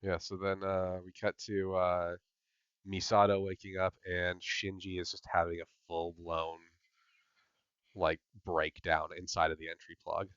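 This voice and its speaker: A man's voice: deep voice, flat delivery, unhurried, fairly bright tone, smooth, no room sound, lo-fi sound. A man hosting a podcast recap, chatting casually with lots of "like" and "yep" fillers. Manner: filler-heavy, repeats "yep" and "like". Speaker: podcast host.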